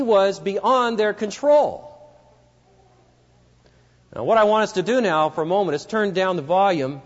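Lively preacher storytelling a sermon. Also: male voice, sits high, unhurried, pauses often. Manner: vivid dramatic storytelling, addresses the listeners directly. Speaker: pastor. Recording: dull lo-fi recording with long hall reverb.

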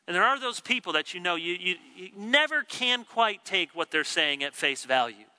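A middle-aged man preaching a sermon, acting out the complaints he quotes with lively swings in pitch and volume. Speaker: pastor.

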